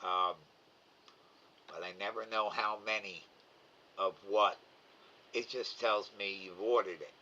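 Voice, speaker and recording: A middle-aged man hosting a live stream, talking slowly and stumbling over repeated words as he answers his viewers. His voice is bright and a little forceful. The stream audio sounds dull and lo-fi. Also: fairly low pitch, steady tone, slight background noise. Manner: slow, halting, repeats words, emotional. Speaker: live cam host reading chat. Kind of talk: casual live-stream chat.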